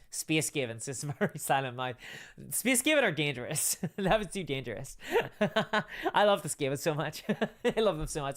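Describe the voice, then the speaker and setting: A young adult host on a casual live stream who keeps laughing and rambles through viewer comments. The pitch swings all over the place, bouncy and animated, with plenty of restarts and "like"s in between. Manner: animated, giggly, rambling with many fillers. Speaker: livestream host reading chat. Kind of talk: casual livestream chat.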